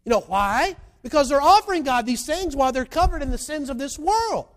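A man preaching a sermon, telling a story with lively swings between loud emphasis and quiet, low asides. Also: brisk.

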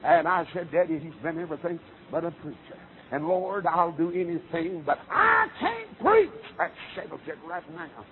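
A man's voice: on the high side, fairly even intonation, moderate pace. Man preaching a fervent revival sermon, lo-fi recording with faint hiss. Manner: fervent, rising to shouts with many uh fillers. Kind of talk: Southern revival sermon storytelling. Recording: tinny lo-fi phone-like sermon recording.

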